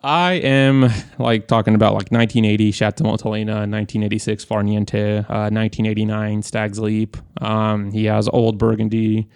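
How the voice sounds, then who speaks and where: Gravelly young man telling a story. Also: lowish voice, moderate pace, few pauses, no echo, clean studio sound. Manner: animated, profane, acts out quoted voices. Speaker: podcast co-host. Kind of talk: casual storytelling chat.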